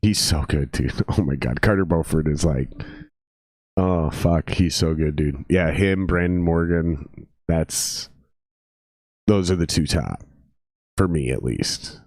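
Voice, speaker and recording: A man's voice: rumbling low, slow, long pauses, darkish tone, no room sound, clean studio sound. A young man from the Upper Midwest hosting a podcast, talking in a loose, sweary, tired way. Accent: Upper Midwest American. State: exhausted. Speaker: podcast host. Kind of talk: casual chat.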